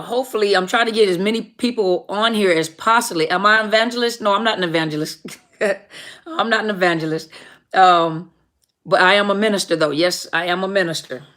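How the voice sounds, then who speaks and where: Chatty woman greeting live viewers. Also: mid-range voice. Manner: greets viewers by name, warm and chatty, laughs at herself. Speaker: livestream host and minister. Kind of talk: casual live Q&A chat.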